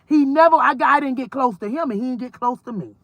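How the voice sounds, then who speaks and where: A woman's voice: high-pitched, fast talker, a bit bright, no echo. A woman from Georgia, ranting bluntly and profanely about her son in a casual vlog recorded while driving. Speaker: mother vlogger.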